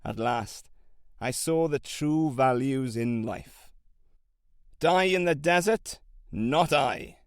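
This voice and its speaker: A man reading an audiobook, voicing a determined middle-aged camel trader who was once a slave, in a measured, solemn way with old-fashioned phrasing. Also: mid-range voice, clear, resonant tone, no room sound, clean studio sound, natural voice. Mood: resolute.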